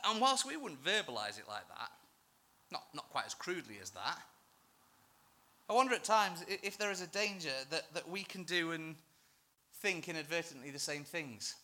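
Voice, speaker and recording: A man's voice: fairly high pitch, lively intonation, normal speed, bright, forceful tone. A male church minister preaching a sermon in an earnest, emphatic, self-deprecating way.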